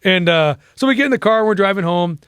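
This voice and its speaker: American guy telling stories in an interview, cussing a lot, acts out the quotes, voice a bit high, dry close sound. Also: fast talker, smooth, dry recording. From United States. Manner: animated, profane, acts out quotes. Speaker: interview guest. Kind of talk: casual storytelling interview.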